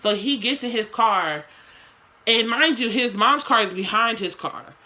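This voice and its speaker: A woman's voice: fairly high pitch, lively intonation, unhurried, sharp tone. A young woman telling a story to her camera in casual slang, with swearing and lots of dramatic asides.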